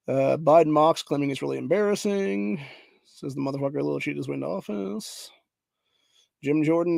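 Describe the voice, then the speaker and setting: A man's voice: a little high, vocal fry, a little mellow, dry recording. A man hosting a political podcast, ranting angrily and profanely, often saying "dude", and reading headlines aloud. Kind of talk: angry political rant.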